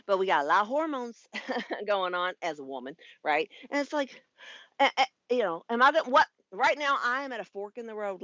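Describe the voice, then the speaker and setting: A woman's voice: mid-range voice, fairly bright tone, no echo, highs cut off. A woman in her fifties, a spiritual life coach, talking frankly and casually on a live stream, swearing freely and laughing often. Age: 50s. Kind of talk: casual livestream monologue.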